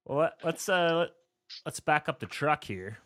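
A man's voice: on the high side, fairly bright tone, no echo, clean studio sound. A male podcast host with a nasal voice, asking questions in a jokey, casual way and laughing often. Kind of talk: casual interview chat.

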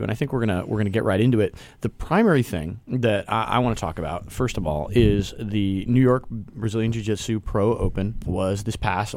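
A man's voice: fairly low pitch, darkish tone, no room sound. A man hosting a casual local radio show, talking loosely with restarts and easy laughs. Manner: rambling, restarts, laughs easily.

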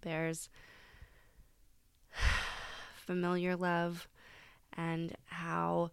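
A woman's voice: on the low side, fairly even intonation, slow, vocal fry, pauses often, dry recording. A woman hosting her own solo podcast, chatting casually and laughing at herself as she reads quotes aloud. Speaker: podcast host.

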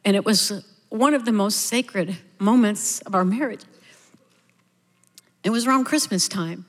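A woman's voice: medium pitch, a little slow, long reverb tail. A middle-aged woman giving a personal testimony sermon at a church service, telling her story in a candid, heartfelt, conversational way. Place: church sanctuary.

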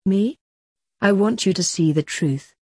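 A woman reading the lines of a sardonic, clever young man in a storybook, in a husky, dry-humored way. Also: medium pitch, a little slow, mellow, dry recording.

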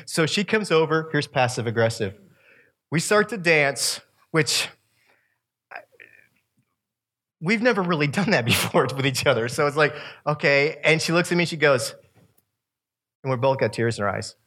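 Speaking at a moderate pace with long pauses, this man has a fairly bright, animated voice on the high side. He's in his fifties, giving young people a sermon-like talk full of stories, laughing at his own asides and speaking to the room.

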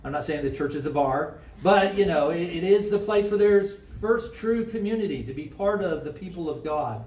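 Conversational Midwestern pastor preaching in an echoey church. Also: male voice, high-pitched, a little mellow, a little hiss or hum. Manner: conversational, asks the congregation questions. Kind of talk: sermon. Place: church sanctuary. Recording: echoey room, mic from a distance.

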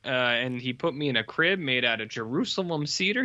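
A man's voice: mid-range voice, lively intonation, brisk, sharp tone, muffled recording. A man co-hosting a podcast, rambling casually as he retells a film and drops into character voices. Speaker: podcast co-host. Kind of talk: casual chat, recapping a film.

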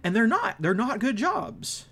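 A man's voice: very high-pitched, very animated, a little slow, fairly bright tone, slightly rough. A man co-hosting an amateur podcast, ranting about politics in a heated, profane, casual way. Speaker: podcast co-host.

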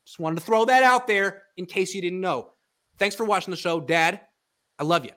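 A man's voice: high voice, normal speed, pushed and bright. A man hosting a casual sports podcast, animatedly breaking down football film and chatting with his father. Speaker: podcast host.

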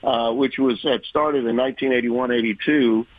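Husky veteran sportscaster telling stories. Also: male voice, medium pitch, moderate pace, no echo, narrow, tinny audio. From Louisiana. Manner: folksy, animated storyteller, acts out quoted voices. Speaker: sports broadcaster guest. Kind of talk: conversational interview storytelling.

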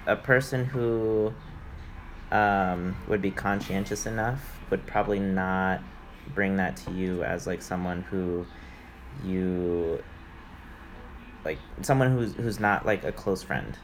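A man co-hosting a casual podcast chat, speaking haltingly with many fillers. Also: deep voice, slight background noise. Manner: halting, lots of fillers and affirmations. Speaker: podcast co-host.

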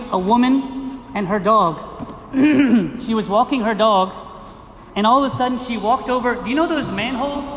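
Man, priest, very high voice, sermon, rhetorical questions, echoey gym. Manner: animated preaching with rhetorical questions and repetition. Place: gym used for a liturgy. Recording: echoey gym with long reverb and faint noise.

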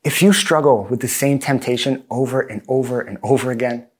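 A man's voice: mid-range voice, brisk, darkish tone, husky. Earnest man preaching a sermon. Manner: earnest, plain-spoken, self-deprecating asides.

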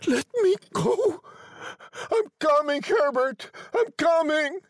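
A man voicing a frantic, grieving old woman who cries out in shrill, pleading bursts. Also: expressive, slow pace, no room sound, studio quality, heavily acted.

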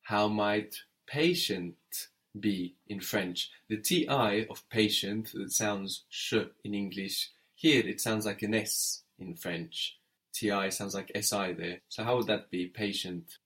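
A man's voice: lowish voice, slow pace, a bit bright. A man teaching French in an audio lesson, patient and methodical, prompting the learner and spelling words letter by letter.

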